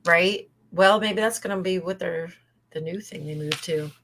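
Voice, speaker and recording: A woman's voice: lowish voice, moderate pace, a bit bright, a little hiss or hum. A woman co-hosting a casual live-stream chat, sarcastic and chatty, swearing freely.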